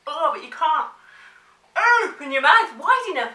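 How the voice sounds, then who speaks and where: Playful drama teacher coaxing a child. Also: female voice, sits high, very animated, normal speed, pushed and bright, distant mic. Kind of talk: children's drama warm-up lesson. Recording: roomy, from off the mic.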